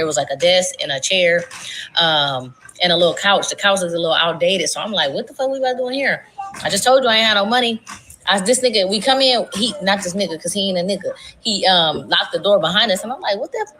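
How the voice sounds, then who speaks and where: A woman streamer tells a rambling story straight to her chat, swearing freely and swinging into high, exaggerated voices for the lines she quotes. Her pitch sits in a middle range. A faint noise sits behind her. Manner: animated, profane, dramatic voice swings. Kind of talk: casual storytime monologue.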